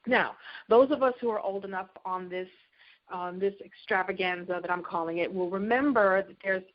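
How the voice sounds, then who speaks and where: Middle-aged woman speaker, animated motivational storyteller, mid-pitched, slightly dull recording. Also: moderate pace. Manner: animated storytelling, acts out catchphrases. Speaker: keynote speaker. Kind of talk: motivational keynote talk.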